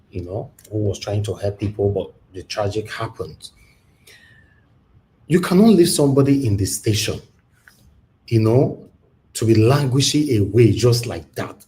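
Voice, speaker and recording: A Nigerian man hosting a news commentary livestream, talking in a halting way with many fillers. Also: on the low side, mellow, a little hiss or hum. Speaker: livestream host.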